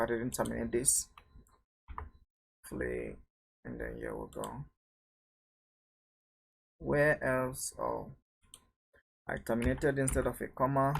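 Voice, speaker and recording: A man's voice: medium pitch, creaky, slight background noise. A man teaching a programming lesson, thinking aloud as he types and asking rhetorical questions to the viewer. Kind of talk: screen-recorded coding tutorial.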